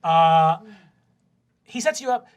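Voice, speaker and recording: A man's voice: on the high side, very animated, slow, clean tone. A man narrating and running a tabletop game as game master, casual with many fillers and swears.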